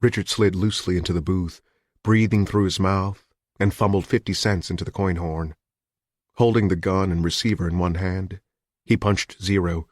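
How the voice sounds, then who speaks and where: A male audiobook narrator with a low voice reads scripted material at a moderate pace with fairly even intonation. The sound is clean studio quality with no echo.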